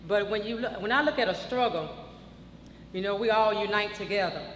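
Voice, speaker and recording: A high-voiced man speaks in a measured, thoughtful way, asking his audience to look at their own purpose. The hall rings with reverb, and a faint murmur of room noise sits underneath. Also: a bit bright. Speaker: meeting speaker. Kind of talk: speech at a meeting. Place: large meeting hall.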